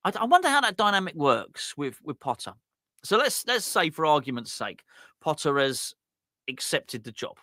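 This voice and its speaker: Bright-voiced man rambling on a fan stream. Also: a little high, dry recording, studio quality. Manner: rambling, self-interrupting, laughs at himself. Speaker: fan channel host. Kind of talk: casual fan watch-along chat.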